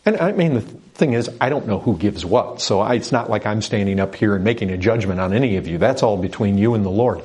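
Husky middle-aged male pastor, emphatic sermon delivery, repeats for effect. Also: fairly low pitch, brisk, few pauses, a little mellow. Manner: emphatic, repetitive preaching with rhetorical questions.

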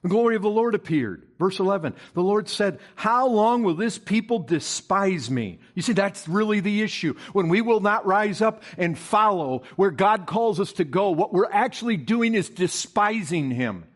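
A man's voice: high voice, lively intonation, moderate pace, hardly any pauses. A man preaching a sermon to his congregation, reading scripture aloud, asking the listeners questions and building to emphatic, stressed bursts. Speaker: pastor.

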